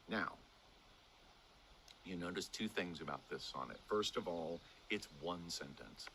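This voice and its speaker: Animated older man teaching verse speaking. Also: measured pace, long pauses, a little hiss or hum. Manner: animated, demonstrative, swinging pitch for emphasis. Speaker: acting teacher.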